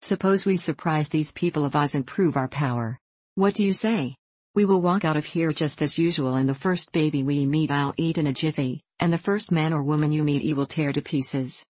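A woman voicing an old, hungry male tiger in a storybook, drowsy and gruff. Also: deep voice, moderate pace, darkish tone, no echo. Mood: scheming. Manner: drowsy, gruff growling talk.

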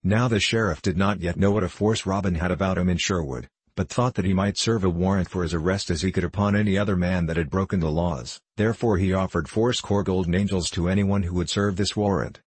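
A man reading a storybook aloud in a measured, even manner. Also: low-pitched, breathy edge, no echo. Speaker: audiobook narrator.

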